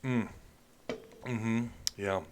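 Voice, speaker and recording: A man's voice: lowish voice, steady tone, very slow, background noise. A man hosting a sports podcast livestream, chatty and joking while he fumbles with his setup. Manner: joking, chatty, flustered by tech trouble. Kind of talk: casual livestream chat.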